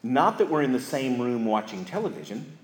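A man's voice: mid-range voice, big pitch swings, brisk. A man, speaking at a church marriage seminar in a folksy, storytelling manner with emphatic repetition, recorded in an echoey hall. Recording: echoey hall with live audience.

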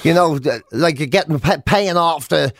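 A man's voice: fairly high pitch, moderate pace, no room sound, clean studio sound. An Irish man co-hosting a radio breakfast show, chatting casually and slipping into mock voices as he tells stories. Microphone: studio microphone.

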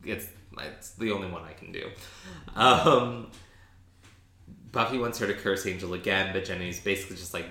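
Man, podcast co-host, casual recap chat, animated, lots of restarts, bright tone, echoey room. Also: deep voice, moderate pace. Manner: chatty, animated, frequent restarts and ums.

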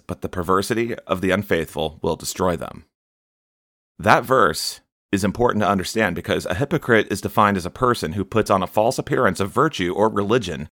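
A man's voice: sits low, a bit bright, no room sound, studio quality. A man preaching a sermon in a conversational way, often saying "you know" and reading scripture aloud.

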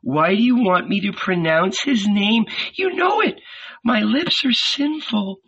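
A man reading an audiobook, voicing a calm, patient teacher figure. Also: high-pitched, measured pace, husky, highs cut off, voice pushed up, exaggerated voice. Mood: solemn. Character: calm gentle male teacher, patient and solemn.

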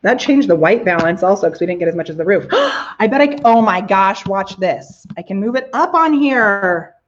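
A woman's voice: medium pitch, lively intonation, moderate pace, highs cut off. A woman hosting a casual live video show from her living room, bubbly and exclamatory, gushing over her viewers. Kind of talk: casual live-stream chat.

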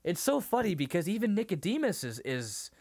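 In a dry recording, a podcast co-host with a high-pitched voice talks a little fast during a casual discussion of a TV episode. His emotional, animated retelling is full of fillers and restarts.

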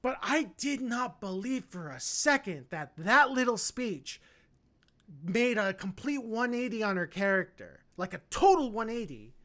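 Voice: medium pitch, very animated, a little slow, fairly bright tone. A co-host talks through a film review in loose, casual chat. The speech is full of fillers and restarts. The opinions come out blunt and unhedged. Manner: rambling, many fillers and restarts. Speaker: podcast co-host.

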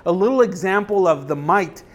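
A young adult pastor with a high-pitched, lively voice preaches a sermon at a brisk pace in a conversational style. He often checks in with the congregation and reads scripture aloud, his emphasis rising as he goes.

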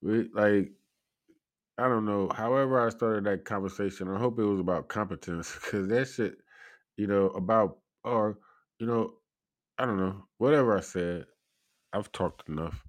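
A man's voice: lowish voice, normal speed, no room sound. A man hosting a podcast, telling a rambling story in casual talk and laughing often through it. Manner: loose, rambling delivery full of fillers and profanity. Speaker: podcast host.

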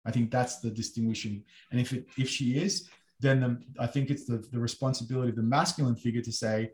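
A man's voice: mid-range voice, fairly quick, roomy sound. A man from Australia with an Australian accent, in casual discussion, telling stories with lots of fillers and bursts of emphasis. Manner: animated storytelling with many fillers.

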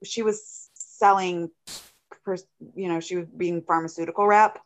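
A woman's voice: fairly low pitch, steady tone, unhurried. Chatty woman telling a story. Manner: chatty, rambling storyteller with fillers. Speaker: podcast co-host. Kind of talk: casual storytelling chat.

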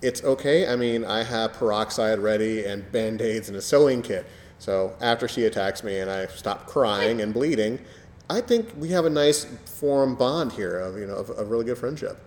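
A man hosting a podcast in casual chat, wry and deadpan, in a roomy recording with long reverb. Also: on the low side, moderate pace. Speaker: podcast host.

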